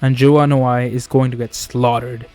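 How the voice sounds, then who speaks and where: A man's voice: mid-range voice, level tone, moderate pace, dark tone, faint music behind, lightly acted. A man voicing a male wrestling manager who speaks bluntly and coldly. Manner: blunt, cold.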